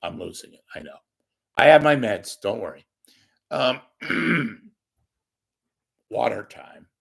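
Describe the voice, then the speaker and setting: A hoarse, congested man with a crackling voice, hosting his own show in a rambling comic monologue, joking at his own expense and swinging from loud to hushed. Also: medium pitch, animated, slow. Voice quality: gravelly, crackling. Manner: wisecracking, self-deprecating, swings from loud to hushed. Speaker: podcast host asking for donations.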